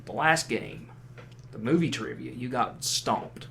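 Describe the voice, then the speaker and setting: A man's voice: medium pitch, measured pace, vocal fry, sharp tone, a little hiss or hum. A man co-hosting a podcast, chatting casually with teasing, competitive banter. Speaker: podcast co-host. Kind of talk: casual chat.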